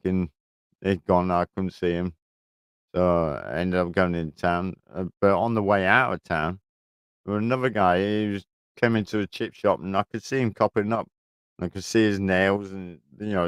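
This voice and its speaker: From his garden shed, a man chats casually on a livestream, spinning rambling stories laced with heavy swearing. His deep voice sounds clear and resonant in a dry recording.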